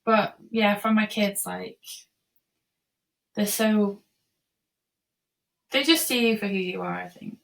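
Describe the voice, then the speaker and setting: A woman's voice: medium pitch, slow, creaky, pauses often, a bit bright. A woman speaks as a guest in a casual podcast interview, earnest and reflective. Her voice sits in a middle register. She sounds a little distant from the microphone.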